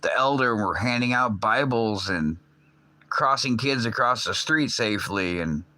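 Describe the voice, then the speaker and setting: A man's voice: medium pitch, lively intonation, moderate pace, bright, forceful tone. A man rambling casually on his livestream, swearing often and filling gaps with "uh" and "like". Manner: rambling, loose, swears often, many fillers. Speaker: livestream host.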